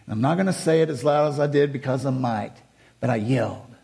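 A middle-aged male pastor preaching a sermon, telling a personal story earnestly, rising to fervent and dropping to hushed. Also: mid-range voice, a little fast, creaky.

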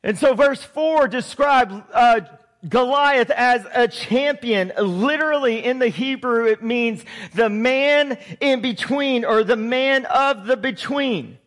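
High-voiced male pastor in a reverberant hall. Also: takes it slowly, a bit bright. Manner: conversational storytelling, chuckles, direct questions to listeners. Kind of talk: sermon.

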